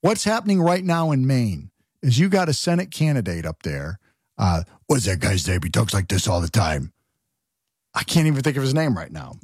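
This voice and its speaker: A man's voice: medium pitch, a little mellow, slightly rough, no echo, clean studio sound. A man hosting a talk radio show, delivering a political monologue with rhetorical questions and frequent restarts.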